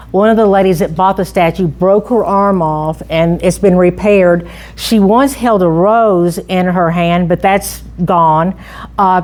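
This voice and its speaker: A woman's voice: lowish voice, darkish tone. A middle-aged woman giving an informal public talk on local history, chatty and full of restarts and asides.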